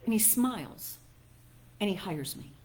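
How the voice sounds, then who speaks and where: A woman's voice: medium pitch, lively intonation, measured pace, a little mellow. A middle-aged woman minister giving a conversational sermon, chatty and self-mocking, laughing at herself as she tells personal stories and acts out what others said.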